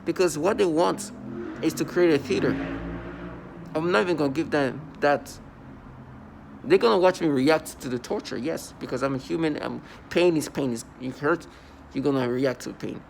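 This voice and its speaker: Indoors at home, a male vlogger speaks at normal speed in a gravelly, rather high voice, with slight background noise. His angry monologue to the camera is defiant and full of scorn, and he keeps repeating and restarting his words.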